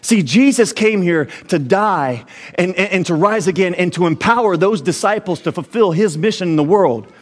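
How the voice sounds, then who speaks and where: High-voiced man preaching a sermon. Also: expressive, normal speed. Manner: preaching with rising emphasis and repeated restarts. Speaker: pastor.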